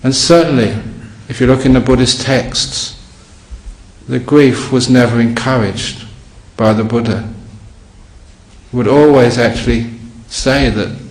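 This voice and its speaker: A man, a Buddhist monk, giving a dharma talk to a live audience with relaxed storytelling and wry humor. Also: mid-range voice, unhurried. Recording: echoey hall, faint ambience.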